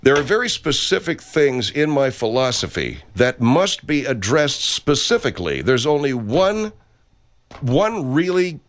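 A man's voice: medium pitch, no room sound. A man in a studio recording pompous self-help promos in an improvised comedy sketch.

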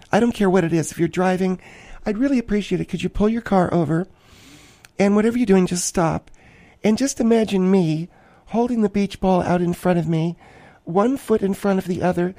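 A man's voice: high-pitched, mellow, dry recording. A man voicing a gushing, self-absorbed woman host. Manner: theatrical, rambling, gushing, self-important. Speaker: podcast host. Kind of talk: comic character monologue.

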